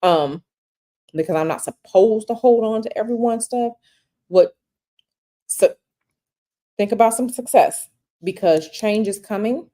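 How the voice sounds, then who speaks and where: A woman's voice: medium pitch, measured pace, long pauses, dark tone. A woman giving a live-stream tarot reading, speaking conversationally and repeating phrases for emphasis. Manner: reads viewer questions aloud and answers directly. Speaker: tarot reader.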